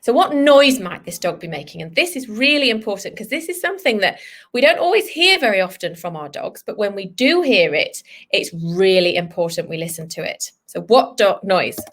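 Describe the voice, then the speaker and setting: Lively woman vet teaching kids. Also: medium pitch, moderate pace. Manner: lively, speaks to children, voices the dog's thoughts. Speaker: veterinarian teaching children. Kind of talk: online lesson for kids.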